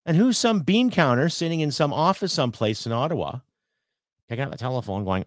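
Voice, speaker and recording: A man's voice: medium pitch, animated, fairly quick, dry recording, clean studio sound. A man hosting a political podcast, ranting heatedly with rhetorical questions and some swearing. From Canada. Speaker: podcast host.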